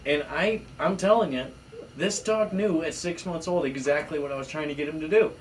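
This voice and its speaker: Speaking at a moderate pace, this thirtysomething podcast co-host is an animated storyteller whose middle-range voice leaps upward whenever he acts out a quote. He sounds distant from the microphone, with a faint hiss and room noise audible.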